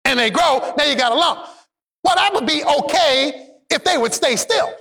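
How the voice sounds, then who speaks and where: Animated man preaching a sermon. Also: moderate pace. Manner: emphatic preaching, swinging between shouted peaks and low asides; call-and-response, has the congregation repeat lines. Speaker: pastor.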